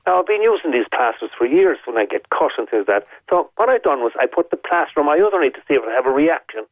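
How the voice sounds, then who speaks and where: On a tinny phone line with no echo, an Irish man calls a radio show and races through a long, vividly told story, repeating points for emphasis. His voice sits on the high side and is very animated and fast.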